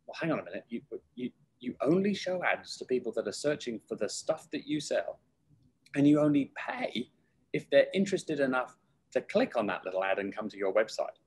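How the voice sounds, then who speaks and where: A middle-aged man, a guest in an interview, telling stories from his career in a lively way and acting out the voices of people he quotes. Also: mid-range voice, brisk, breathy edge, low-quality recording. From United Kingdom. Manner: lively storyteller who acts out quoted voices. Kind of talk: casual interview storytelling.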